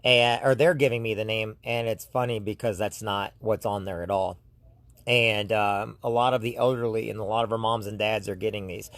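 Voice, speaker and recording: A man's voice: on the low side, fairly even intonation, normal speed, a bit bright, dry recording. A man from the United States, hosting his own channel, rambling through a casual monologue with frequent restarts and speaking straight to his viewers. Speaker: YouTube host.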